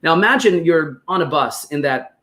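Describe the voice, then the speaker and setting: A man with a New York accent, a guest on a podcast interview, explaining business ideas through animated stories and acted-out quotes. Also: a little high, normal speed. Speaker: guest expert on business operations.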